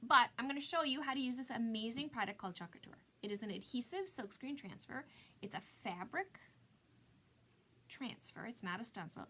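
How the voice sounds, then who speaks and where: A woman's voice: a little high, bright, forceful tone, slight background noise. A woman in her forties hosting a live-stream craft tutorial, chatty and giggly, greeting viewers by name. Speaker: craft product designer hosting a live demo.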